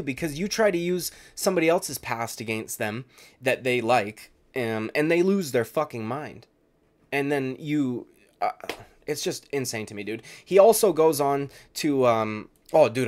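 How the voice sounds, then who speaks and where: A man delivering reaction commentary on fighters as an MMA video commentator, ranting heatedly with constant swearing and a habit of saying "dude". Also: on the high side.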